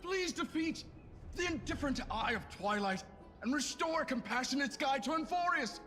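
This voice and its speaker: A man's voice: very high-pitched, expressive, normal speed, bright, forceful tone, exaggerated voice. A ceremonious townsman. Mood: solemn. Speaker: game character. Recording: game audio with reverb and music.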